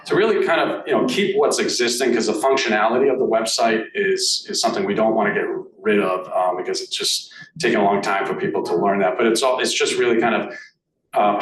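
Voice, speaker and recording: Halting man with a Boston accent. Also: on the low side, a bit bright. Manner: halting, many fillers and restarts. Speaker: board director speaking at annual meeting. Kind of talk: meeting report, casual. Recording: echoey room, mic at a distance, faint noise.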